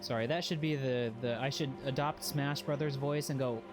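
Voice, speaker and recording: A man giving casual live commentary while playing a video game. He swears freely and yelps and shouts at what happens on screen. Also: medium pitch, fairly even intonation, moderate pace. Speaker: game streamer. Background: game music.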